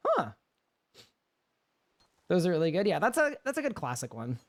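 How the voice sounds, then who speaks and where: A man's voice: high voice, wildly swooping pitch, moderate pace. A young man with a Canadian accent, chatting casually on a live gaming stream and answering chat questions.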